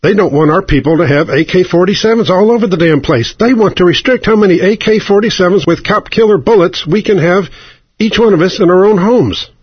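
A man doing a high, whiny gun-lobby blowhard. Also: breathy edge, dry recording. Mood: indignant. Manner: fast, rising, whiny indignation. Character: excitable gun-lobby man, older, indignant and rambling. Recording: dull dry radio broadcast.

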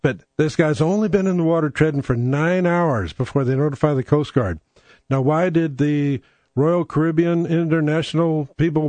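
A man's voice: fairly high pitch, a little mellow, no echo. A man hosting a rambling comic monologue, profane and sardonic, digressing as he talks.

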